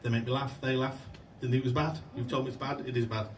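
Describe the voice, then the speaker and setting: A man's voice: medium pitch, flat delivery, fast, far from the mic. A man telling rambling, sweary jokes on stage as an amateur comic. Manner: rambling, chatty, swears freely, loses his place. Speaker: amateur stand-up comedian. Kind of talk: stand-up joke telling. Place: function room before a laughing crowd. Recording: echoey room recorded from afar, noisy.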